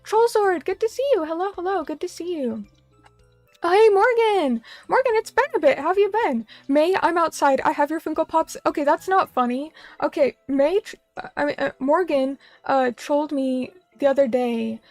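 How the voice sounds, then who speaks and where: Sitting at a little table in a small room, a young woman streams as a vtuber, reading comments and chatting in a rambling, self-deprecating way. Her high, animated voice has a darkish tone and normal speed, with no room sound and soft background music.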